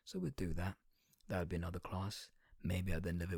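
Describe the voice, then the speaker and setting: Low, husky young guy ranting sarcastically. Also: fairly even intonation, fast talker, darkish tone, no room sound. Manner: sarcastic, crude, rambling, slangy. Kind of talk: satirical comedic rant.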